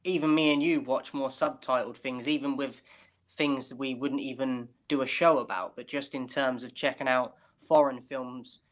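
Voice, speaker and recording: A man's voice: medium pitch, fairly even intonation, normal speed. A British man co-hosting a casual chat over a video call, rambling and asking "do you know what I mean". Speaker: podcast co-host.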